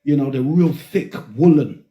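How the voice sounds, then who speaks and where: A man's voice: fairly high pitch, normal speed, dark tone. A man hosting a podcast, telling stories in casual chat, rambling, laughing and swearing as he goes. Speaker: podcast host. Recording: roomy echo.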